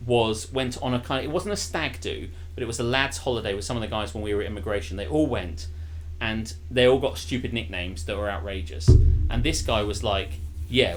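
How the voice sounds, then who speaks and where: A man's voice: medium pitch, a bit bright. A man co-hosting a casual live stream, telling rambling stories and laughing often. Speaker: co-host.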